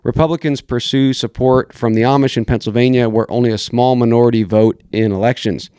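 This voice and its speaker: Male podcast host, mid-pitched, smooth and clear on a dry close mic; blunt commentary, reads articles aloud, restarts often. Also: fairly even intonation, a little fast, warm tone, no echo.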